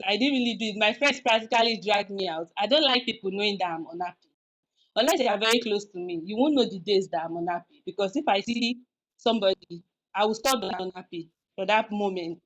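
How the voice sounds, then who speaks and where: A woman's voice: mid-range voice, a little fast, a bit bright, muffled recording. A woman hosting a podcast, giving frank, confessional advice in a casual, rambling way with many restarts. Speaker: podcast host.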